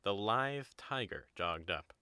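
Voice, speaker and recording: A man narrating an audio drama in an even storybook manner. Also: lowish voice, takes it slowly, dry recording, studio quality. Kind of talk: scripted narration.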